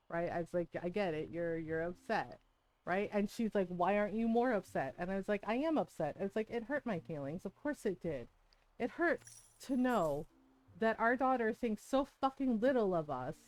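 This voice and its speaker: A woman's voice: medium pitch, no echo. A woman in her forties, a streamer chatting casually and candidly, swearing freely and laughing now and then. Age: 40s. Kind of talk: casual venting chat while gaming.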